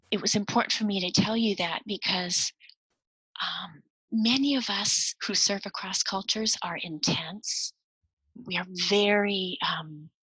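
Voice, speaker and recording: A middle-aged woman giving a reflective devotional talk to people who serve across cultures, soft-spoken and sometimes dropping to a whisper. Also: mid-range voice, breathy edge, dry recording, low-quality recording. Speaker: speaker to cross-cultural workers.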